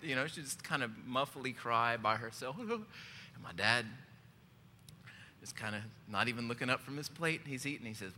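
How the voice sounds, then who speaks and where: A man's voice: mid-range voice, lively intonation, normal speed, pushed and bright. A male pastor preaching a sermon in a church, joking, telling a personal story and asking the congregation questions. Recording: long hall reverb, faint background noise.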